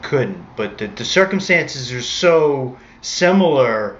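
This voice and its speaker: A man's voice: mid-range voice, big pitch swings, slow pace, a bit bright. Rambling man telling a story. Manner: rambling, self-correcting, conversational. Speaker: street musician telling a story. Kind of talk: casual storytelling monologue. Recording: dull lo-fi recording.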